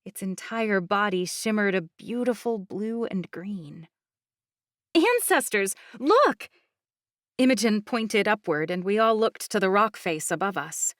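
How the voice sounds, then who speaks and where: A woman reading a fantasy novel aloud in the first person, with even, clear storytelling. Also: mid-range voice, normal speed, hardly any pauses, no room sound, clean studio sound. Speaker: audiobook narrator. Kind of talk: scripted first-person narration.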